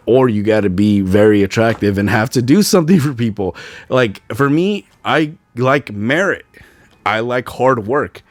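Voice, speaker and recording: A young man hosting a podcast, ranting alone with frustration and mocking other people's words. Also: fairly low pitch. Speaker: podcast host. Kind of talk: solo ranting podcast monologue.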